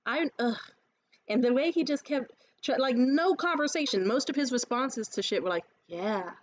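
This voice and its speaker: A woman with a fairly high voice vents to the camera in a casual, animated rant. She swears freely and slips into impressions of others mid-story. The recording sounds slightly dull and muffled. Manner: acts out others' lines in quick asides. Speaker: vlogger.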